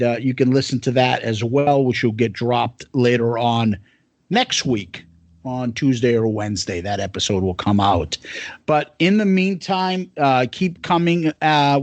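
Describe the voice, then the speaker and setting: A man's voice: mid-range voice, no room sound. A man co-hosting a podcast in loose, rambling casual chat full of fillers. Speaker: podcast co-host.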